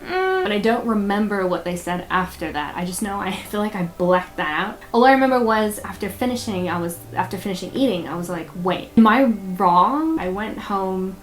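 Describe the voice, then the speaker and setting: A woman's voice: medium pitch, brisk, hardly any pauses, soft background music. A young woman in a personal vlog, talking candidly and a bit rambling, with frequent fillers and nervous laughs. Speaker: vlogger.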